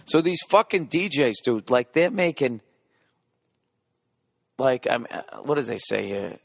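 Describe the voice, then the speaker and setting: Forties comic host, mid-pitched, swearing rant with mouth-made beats and self-heckling asides, dry booth sound. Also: male voice, lively intonation, measured pace, gravelly, long pauses, dry recording. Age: 40s. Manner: profane ranting, mimics beats with his mouth. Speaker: podcast host. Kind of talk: rambling comedic monologue.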